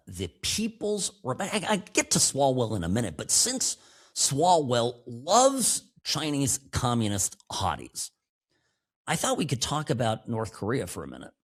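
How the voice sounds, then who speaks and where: A man hosting a radio talk show, riffing in an opinionated way with quick asides and chuckles. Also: medium pitch. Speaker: radio talk show host and injury lawyer.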